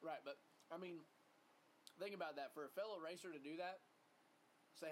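A man's voice: on the high side, normal speed, slight background noise. A man hosting a casual chat about racing, talking animatedly, swearing freely and laughing often. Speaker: podcast host.

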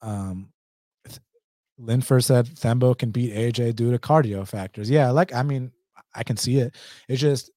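Male streamer with an Atlanta accent, warm low-key tone, dry close sound, blunt casual delivery. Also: unhurried, dry recording. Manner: blunt, slangy, laughs often. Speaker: MMA betting livestream host. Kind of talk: casual livestream chat reading viewer comments.

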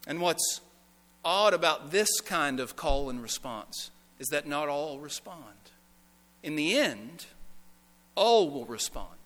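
A man preaching a sermon in a church, rising to strong emphasis and dropping to quiet, earnest pleading. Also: a little high, animated, slow pace. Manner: preaching with swells of intensity and hushed, earnest pleading. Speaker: pastor. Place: church sanctuary. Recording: church sanctuary with long reverb.

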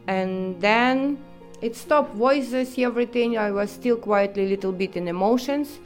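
A woman from Europe, telling her own story in halting, English. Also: on the high side, faint music behind. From Eastern Europe. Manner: halting non-native English, vivid storytelling. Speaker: interviewee. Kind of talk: personal testimony.

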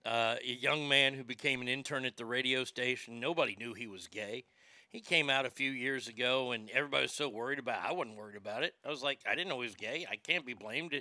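A man's voice: mid-range voice, fast, pushed and bright, no room sound. A man hosting a comedic talk show, laughing often and stammering as he jokes crudely. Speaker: radio show host.

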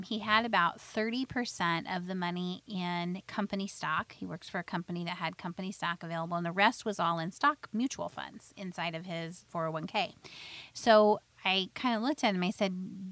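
A financial advisor hosting her own radio show explains retirement planning in plain language, sharing stories about clients and laughing lightly. Her mid-range voice has a fairly bright tone, with no room sound.

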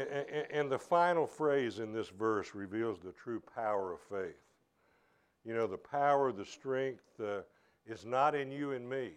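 A man's voice: medium pitch, animated, a little slow, smooth. A man preaching a sermon as pastor at a church service, earnest and conversational, often restarting his phrases.

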